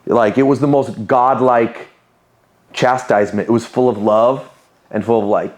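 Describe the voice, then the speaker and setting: A man tells personal stories in a relaxed podcast conversation. His voice sits at an ordinary middle pitch, and he talks candidly and with animation, acting out the voices of the people in his stories. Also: normal speed. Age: 30s. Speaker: podcast guest, business owner. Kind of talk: casual interview storytelling.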